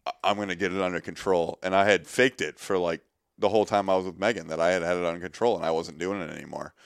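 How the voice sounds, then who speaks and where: A man's voice: low-pitched, fast, gravelly, no echo, clean studio sound. A man in his thirties, a guest in a workshop, telling his story candidly and animatedly, swearing often and acting out quotes. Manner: swears a lot, animated retelling with quoted voices.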